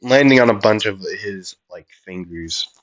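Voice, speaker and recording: A man's voice: lowish voice, unhurried. A man improvising a fan-fiction fight story, rambling with hesitations and mouthed sound effects. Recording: dull lo-fi audio.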